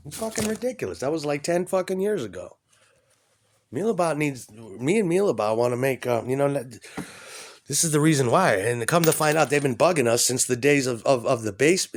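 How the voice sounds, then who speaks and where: A man rambling profanely, mumbling low at times and then shouting. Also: big pitch swings, fairly quick. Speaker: vlogger. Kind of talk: rambling monologue.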